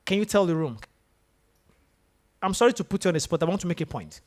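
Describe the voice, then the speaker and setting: A man giving a motivational talk to students in a lecture room. He is animated and keeps questioning his audience directly. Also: high-pitched, quick pace. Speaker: guest speaker at a university.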